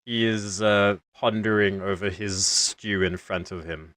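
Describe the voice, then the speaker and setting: A male game master who narrates a tabletop session slowly and wryly, often dropping in jokes. His mid-pitched voice is recorded close, with no room sound. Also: fairly even intonation, fairly bright tone, dry recording. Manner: wry, joking narration.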